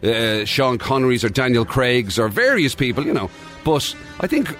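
A man's voice: medium pitch, moderate pace, faint music behind. A man co-hosting a morning radio show, trading teasing banter with his partner. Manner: teasing, animated, puts on silly voices. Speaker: radio co-host.

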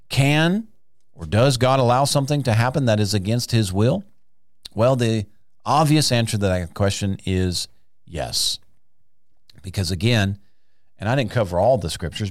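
A man's voice: on the low side, no echo. Emphatic man preaching in a dry studio. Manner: emphatic, with rhetorical questions and drawn-out words. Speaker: podcast Bible teacher. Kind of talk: sermon-style teaching podcast.

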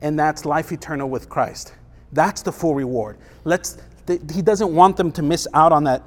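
Pastor, male, high voice, casual emphatic preaching style, rhetorical questions, long church-hall reverb. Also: normal speed. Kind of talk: sermon.

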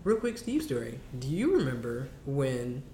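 A young adult from Chicago chatting casually with family, lively and jokey, acting out quotes with big jumps in the voice. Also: normal speed. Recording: echoey room with faint rumble.

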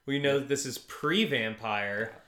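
A man with a bright, forceful voice co-hosts a casual podcast, rambling through recaps and restarting his sentences. He laughs easily, and the room gives his voice a noticeable echo. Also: mid-range voice, measured pace. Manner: rambling, self-interrupting, laughs often. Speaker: podcast co-host. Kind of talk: casual chat.

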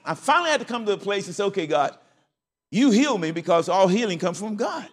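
A man's voice: sits high, expressive, brisk, bright, forceful tone, in a large hall. An older man preaching a sermon as pastor, telling stories. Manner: folksy storytelling with laughs.

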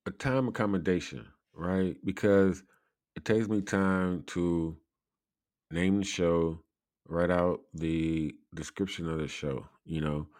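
A man with a very deep voice hosts a laid-back live show, drifting from point to point at an unhurried pace. He laughs often and fills his talk with little asides. The sound is close and dry. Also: steady tone, a little mellow, dry recording. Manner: rambling, laughs often, many fillers. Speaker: show host. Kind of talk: casual live-show chat.

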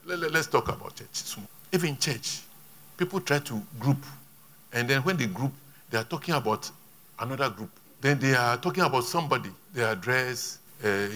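A male pastor, preaching a sermon with emphatic rises and quiet asides. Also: on the high side.

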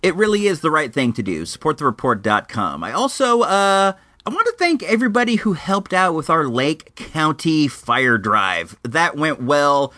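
Animated, bright-voiced man chatting. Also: fairly high pitch, soft background music. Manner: animated, chatty, drawn-out asides. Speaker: podcast host. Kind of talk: casual monologue.

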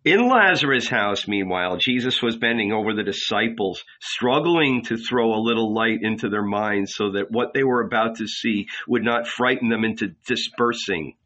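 A man reading an audiobook in measured, dramatic scripted narration. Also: on the low side, expressive, pushed and bright, muffled recording.

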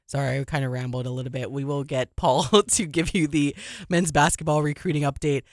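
A sports radio host in casual, animated studio chat, emphatic and quick to laugh. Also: female voice, sits low, no echo. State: a little out of breath.

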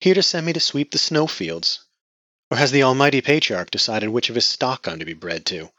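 Dude doing a snappy sarcastic young woman, husky edge. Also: low voice, lively intonation, normal speed, bright, forceful tone, no room sound, muffled recording, full character voice. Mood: sullen. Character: bitter, sullen young woman.

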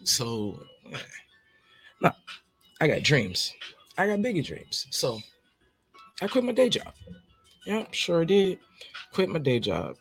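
Lively, husky man joking about his job. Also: on the high side, slow pace, long pauses, faint music behind. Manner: laughing, joking, rambling, lively. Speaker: podcast host. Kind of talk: casual monologue.

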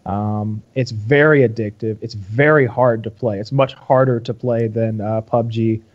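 A man's voice: lowish voice, steady tone, a little slow, lo-fi sound. A man co-hosting a podcast in casual chat, rambling and swearing, restarting his sentences often. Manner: rambling, profane, lots of restarts.

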